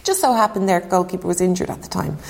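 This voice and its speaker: Speaking quickly in a lowish, creaky voice, an Irish former goalkeeper chats as an interview guest. She tells stories, voices the dialogue herself, and laughs often.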